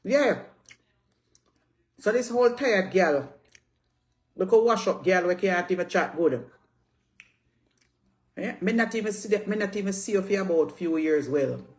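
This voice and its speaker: A woman's voice: mid-range voice, expressive, a little slow, pauses often, a little mellow. A woman in her fifties with a Jamaican accent, delivering a heated social media rant, brash and scolding, repeating herself and swearing freely. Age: 50s.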